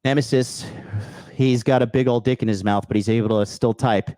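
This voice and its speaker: A man's voice: mid-range voice, fairly even intonation, fairly quick, warm tone, no echo, clean studio sound. A man hosting a podcast who rants bluntly and crudely, swearing often and hammering points with repeated phrases and a constant "okay?". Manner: emphatic bursts, repeating key phrases. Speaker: podcast host. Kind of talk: profane motivational rant with chat replies.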